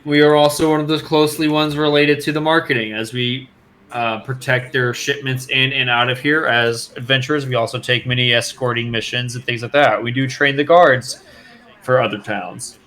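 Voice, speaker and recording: A man's voice: medium pitch, little pitch movement, normal speed, bright, forceful tone, close to an everyday voice. Man playing a scarred half-orc gatekeeper. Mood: businesslike.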